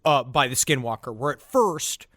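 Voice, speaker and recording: A man's voice: medium pitch, lively intonation, normal speed, bright, forceful tone, dry recording. A man co-hosting a comedy podcast, rambling and correcting himself, with jokey asides. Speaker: podcast co-host. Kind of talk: casual comedic podcast chat.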